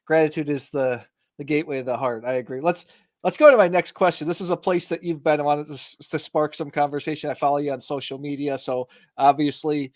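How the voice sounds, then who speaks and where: Male podcast guest, a touch high in pitch, eager conversational delivery, dry close sound. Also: steady tone, brisk, no room sound. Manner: enthusiastic, asks questions. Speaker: guest wine creator.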